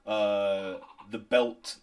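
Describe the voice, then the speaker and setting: A man narrating as game master, halting and improvised, with many restarts. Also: on the low side, flat delivery, a little mellow, a little hiss or hum.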